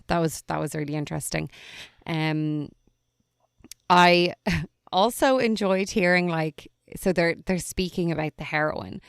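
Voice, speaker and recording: A woman talks through a crime series in a relaxed, amused way, full of "like" and "um". Her voice sits low and comes through smooth and resonant. The sound is close and dry, with no room echo. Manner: chatty, amused, lots of "like" and "um". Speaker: podcast co-host. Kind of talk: casual recap chat.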